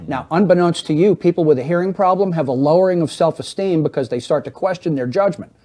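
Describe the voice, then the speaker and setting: A man's voice: fairly high pitch, quick pace, dark tone. A middle-aged man who is a guest on an interview show, explaining at length in an earnest, persuasive way. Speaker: hearing aid business guest.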